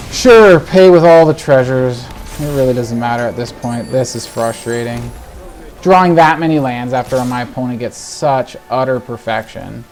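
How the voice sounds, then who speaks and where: Exasperated man ranting over a card game. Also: medium pitch. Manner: exasperated ranting, swearing, swings between muttering and shouting. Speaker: gaming video host. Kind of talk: live gameplay commentary.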